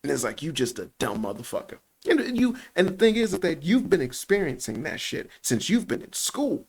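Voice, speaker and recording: Gravelly animated man with a Chicago accent. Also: on the high side, normal speed. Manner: animated, laughs often, heavy swearing. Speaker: YouTube commentator. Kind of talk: profane reaction commentary.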